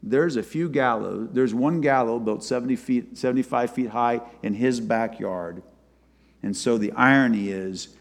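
A man preaching a sermon and retelling a scripture story, his voice swinging from loud to soft. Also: on the low side. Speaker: pastor. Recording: long hall reverb.

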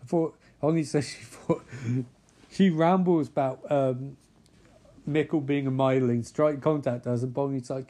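A man recaps an episode with dry sarcasm and casual swearing, undercutting the drama with deadpan jokes. His voice is warm and mellow, sitting at an ordinary middle pitch. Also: measured pace. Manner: deadpan, mocking, profane asides. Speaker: comedic recap narrator.

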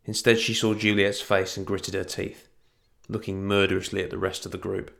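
A man narrating a fantasy story in an even storytelling manner. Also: low voice, normal speed, creaky.

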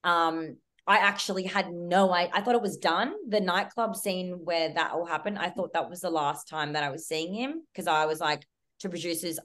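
A young Australian woman on a podcast tells a story in a rushed, animated way. She scatters "like" through every sentence and swears freely. Her voice sits a little low in pitch. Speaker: guest. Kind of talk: casual chat.

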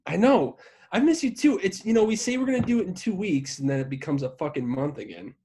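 A man's voice: sits high, expressive, quick pace, mellow. A man co-hosting a podcast in casual chat, swearing freely and rambling in a self-deprecating way. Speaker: podcast co-host.

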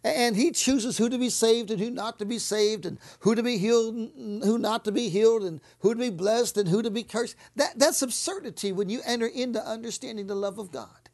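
Fervent preacher woman with a gravelly voice. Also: on the high side, brisk, hardly any pauses. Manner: fervent, repeats words, drops to soft whispers on key lines. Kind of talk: sermon.

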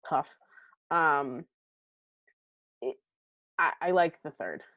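Dry, low-voiced woman podcast host. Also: lively intonation, extremely slow, fairly bright tone, no room sound, dull audio. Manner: rambling, filler-heavy, self-deprecating. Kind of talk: casual chat.

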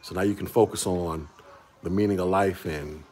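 This man in his forties, hosting a laid-back livestream, reads chat and talks with viewers in a rambling way, repeating words and chuckling regularly. His voice sits low with a steady, darkish tone, and he speaks at a normal speed.

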